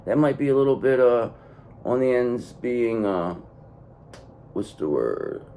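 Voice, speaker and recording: A man's voice: mid-range voice, animated, a little slow, warm tone. A man giving a blunt, profane tarot reading to his viewers, hammering points home by repeating the same phrase. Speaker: tarot reader.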